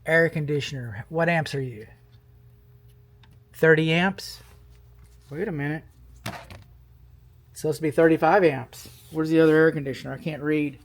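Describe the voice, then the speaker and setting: On site, a middle-aged male home inspector walks through an electrical panel, repeating himself and urging himself on. He speaks at a moderate pace in a slightly high voice, pausing often.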